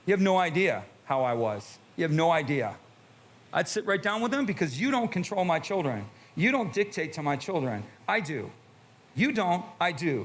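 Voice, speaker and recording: A man's voice: high voice, a bit bright. A middle-aged man preaching a sermon as pastor, emphatic and pressing the congregation with rhetorical questions. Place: church sanctuary with a live congregation.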